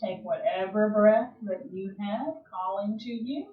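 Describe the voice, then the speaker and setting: A woman leads a yoga class in a calm, gentle voice, letting long pauses sit between her cues. She speaks very slowly and stays at an ordinary pitch. The sound is distant, roomy and a little dull, like a livestream picked up from across the room. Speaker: yoga instructor. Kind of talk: guided yoga class instruction. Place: home or studio room, livestream.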